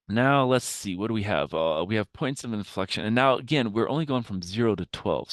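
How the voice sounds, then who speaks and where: A man teaching a math lesson, working through a problem aloud with frequent fillers and pauses. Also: low-pitched, dry recording, studio quality. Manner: thinking aloud with many fillers. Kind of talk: recorded math lecture.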